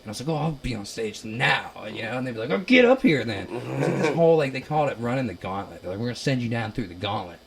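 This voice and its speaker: A young man from Ohio, a musician guest, telling stories in a casual chat, animated and laughing, loudly acting out quotes. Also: medium pitch, rapid-fire, vocal fry, hardly any pauses, breathy edge. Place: basement.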